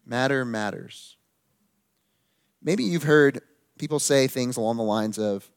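A man with a mid-range, sing-song voice preaches a sermon earnestly and emphatically, slowing down to stress key phrases.

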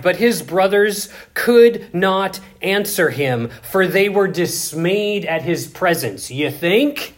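Male preacher giving a sermon, slow and deliberate, goes loud then drops real quiet for drama. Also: sits high, expressive. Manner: dramatic, swings between loud emphasis and hushed asides.

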